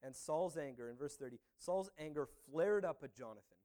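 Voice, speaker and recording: A man's voice: a little high, animated, moderate pace, dark tone. A man preaching a sermon as a pastor, talking in a conversational way with many "you know"s and "uh"s.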